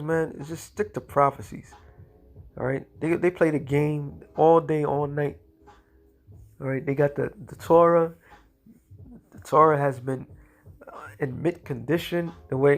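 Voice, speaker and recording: A man giving a combative religious commentary, speaking in casual slang and slowing into a measured cadence when he reads scripture aloud. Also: on the high side, fairly even intonation. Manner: casual slangy speech, repeats "all right" and "okay".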